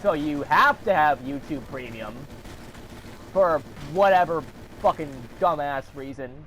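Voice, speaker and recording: A man's voice: fairly high pitch, animated, a little slow, fairly bright tone, a little hiss or hum. A man delivering a heated, profane rant to camera, swearing often and throwing in sarcastic asides. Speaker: vlogger.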